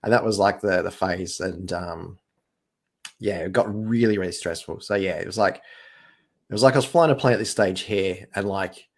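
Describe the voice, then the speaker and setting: A man, telling his business story in a casual, animated way and acting out what others said. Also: low-pitched, normal speed. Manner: animated, acts out quoted voices. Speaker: business owner guest.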